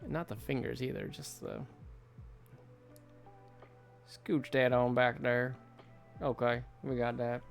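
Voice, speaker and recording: A man's voice: medium pitch, little pitch movement, takes it slowly, creaky, long pauses, soft background music. A man in his thirties from the United States, chatting casually with viewers while drawing on a livestream, rambling and laughing often. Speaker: artist streamer. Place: home studio at night.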